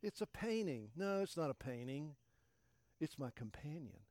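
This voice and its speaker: A man preaching a sermon as pastor. He talks emphatically, repeats key phrases and swings from loud to hushed. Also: fairly high pitch, big pitch swings, moderate pace, dry recording.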